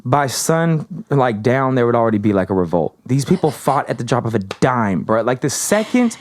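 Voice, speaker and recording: A man hosting a casual podcast, telling a story in an animated, slangy way with plenty of swearing. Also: mid-range voice, moderate pace. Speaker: podcast host.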